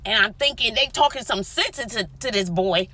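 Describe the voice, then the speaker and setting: Her voice sits on the high side at a moderate pace as she vlogs from inside a parked car. The story she tells is dramatic, delivered in animated, casual chat with frequent whispered asides.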